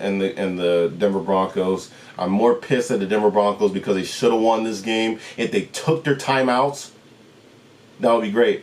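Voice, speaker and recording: A man hosting his own channel, giving a solo sports recap and ranting through rhetorical questions. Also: lowish voice.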